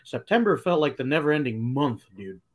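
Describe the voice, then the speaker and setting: A man's voice: medium pitch, sing-song, a little fast. A young man from New Jersey co-hosting a casual chat show, easygoing and chatty. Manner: easygoing, chatty, says dude. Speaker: co-host.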